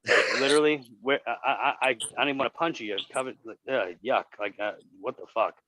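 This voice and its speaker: A man in a casual podcast chat, telling crude stories with constant swearing and animated retelling. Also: medium pitch, quick pace, background noise. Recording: dull dry lo-fi sound.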